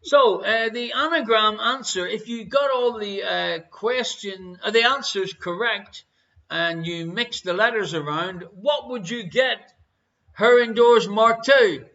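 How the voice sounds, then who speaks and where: A man's voice: high-pitched, takes it slowly, pushed and bright. An Irish man hosting a casual online quiz show, reading out questions and answers with joking banter and hesitant fillers. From Ireland. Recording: muffled, lo-fi stream audio.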